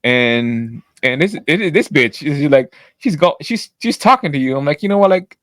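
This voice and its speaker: A man on a casual podcast, telling a story with a lively, swooping delivery and a fairly high voice. He acts out each quote with sudden jumps in pitch and talks loudly and bluntly. The sound is dry and close, with no room around him. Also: a little slow, no room sound. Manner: says his voice is always loud. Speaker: podcast co-host.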